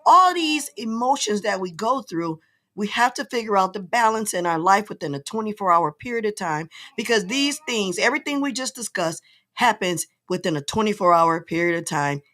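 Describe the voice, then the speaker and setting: An older woman hosts a casual talk show, speaking earnestly from the heart. Her voice sits at an ordinary middle pitch, and she slows down when a point moves her. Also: lively intonation, fairly bright tone. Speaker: host.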